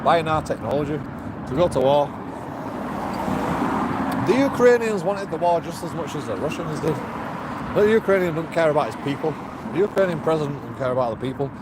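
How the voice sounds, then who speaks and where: A man films himself outdoors, his voice sitting slightly high for a man. He rambles and swears, laughing to himself between thoughts. Clear street and traffic noise runs underneath him. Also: expressive, fairly quick, long pauses. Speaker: street video blogger. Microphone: handheld camera.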